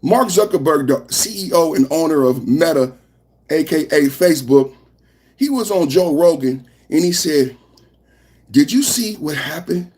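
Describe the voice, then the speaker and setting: A man hosts a live political reaction stream in a loud, fired-up, preachy way. His speaking voice sits high for a man. He hammers his points over and over. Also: animated, unhurried. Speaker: podcast host.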